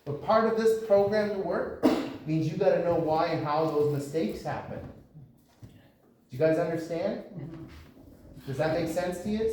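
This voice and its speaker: Man, boxing coach, blunt lecturing, slightly high voice, booming gym echo, faint noise. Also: a little mellow. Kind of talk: coaching talk to boxers. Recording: echoey gym from far off.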